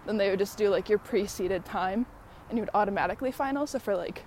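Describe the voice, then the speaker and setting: A woman's voice: medium pitch, quick pace, a little mellow, slight background noise. Female podcaster, casual and rambly, slightly winded on a walk outdoors. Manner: many fillers, laughs often while talking. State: out of breath walking uphill. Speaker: podcast host.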